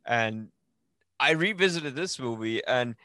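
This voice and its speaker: A man's voice: medium pitch, lively intonation, a little slow, pushed and bright, no echo. A male podcast host chats casually, rambling and enthusiastic, often restarting his sentences. His voice is close and dry, with no room sound.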